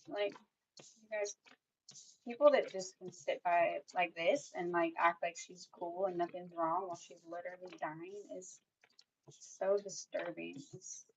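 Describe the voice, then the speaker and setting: A woman's voice: medium pitch, highs cut off. A young woman doing a tarot reading for her viewers, speaking bluntly and swearing freely with lots of "like" fillers. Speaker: tarot reader.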